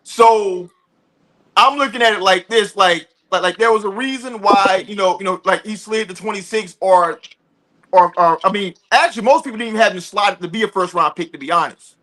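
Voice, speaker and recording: A man gives his sports take in a wry, laid-back way, full of slang. His voice is bright and high. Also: normal speed. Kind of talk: casual sports chat.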